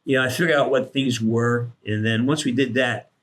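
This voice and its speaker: A man, a guest voice actor, telling stories on a podcast in an animated way, swearing freely and acting out what people said. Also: medium pitch, moderate pace. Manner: animated, swears freely, acts out quoted lines. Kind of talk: casual podcast storytelling.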